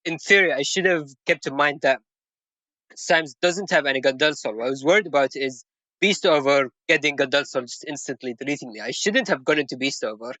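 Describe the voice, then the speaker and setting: A man's voice: on the high side, fairly quick, sharp tone, no echo. A man hosting a game tournament stream and explaining his own match, laughing often as he talks. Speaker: tournament player and stream host. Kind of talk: casual esports commentary.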